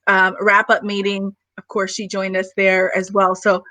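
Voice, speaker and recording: A woman hosting an interview chat over a video call, warm and encouraging with her guest. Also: medium pitch, completely flat delivery, measured pace, no room sound, rough recording. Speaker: host.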